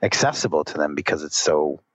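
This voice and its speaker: A man's voice: extremely low pitch, big pitch swings, brisk, breathy edge, dry recording, dull audio. A man candidly reflecting on his own anger while asking for advice. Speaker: caller. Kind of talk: advice conversation.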